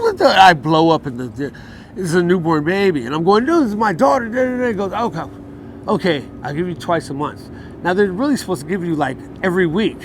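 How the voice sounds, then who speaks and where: A man telling his story in a casual outdoor interview, heated and profane, acting out what others said to him. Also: fairly high pitch. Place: outdoors in a city. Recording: outdoor street noise.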